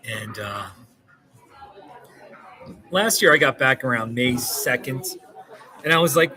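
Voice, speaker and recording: A man's voice: fairly high pitch, animated, moderate pace, sharp tone, rough recording. A man talking to the camera in a casual vlog, rambling and self-mocking and laughing often, outdoors in a small mountain town. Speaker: vlogger.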